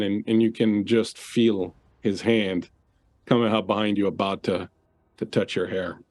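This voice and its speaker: A man's voice: fairly low pitch, fairly even intonation, moderate pace, darkish tone, no echo. A man narrating as game master of a tabletop role-playing game, describing scenes with frequent uhs.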